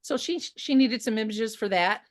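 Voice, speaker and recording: A woman photographer, a guest on an interview show, telling stories in a casual, animated way with many fillers and restarts. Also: a little high, moderate pace, no room sound, clean studio sound.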